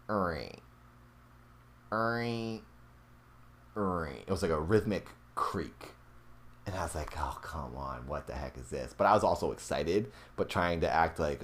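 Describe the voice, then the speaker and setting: Relating a real ghost encounter from his youth, this young man, a podcast host, keeps things casual but lively. When the story grows tense, his voice goes up in pitch.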